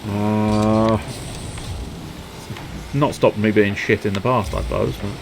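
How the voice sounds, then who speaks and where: A man giving live gameplay commentary, excitable, sweary and self-mocking, with sudden yelps. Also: fairly low pitch, takes it slowly, gravelly, background noise. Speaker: streamer.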